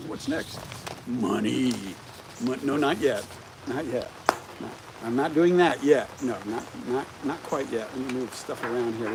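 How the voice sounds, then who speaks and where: Livestream host, man, middle-aged, high-set voice that bounces around, chatty with viewers. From United States. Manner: animated, keeps asking the viewers rhetorical questions. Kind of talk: casual livestream chat. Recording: rain noise clearly audible outdoors.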